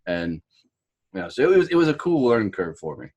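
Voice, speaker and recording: A man in his forties with a light Southern American twang, a guest talking in a folksy, energetic way in a casual podcast interview. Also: mid-range voice, a little fast, husky, highs cut off. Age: 40s. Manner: folksy, energetic, calls people dude and brother.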